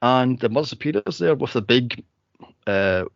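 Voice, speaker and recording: A man co-hosting a casual movie podcast, telling stories and acting out scenes with sudden high squeals. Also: moderate pace, creaky, no echo, lo-fi sound. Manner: animated storyteller, acts out scenes in high squeals. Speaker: podcast co-host.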